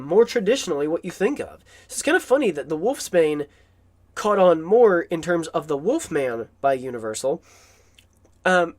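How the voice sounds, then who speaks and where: A man giving an enthusiastic, rambling film commentary, with asides and chuckles. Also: on the high side.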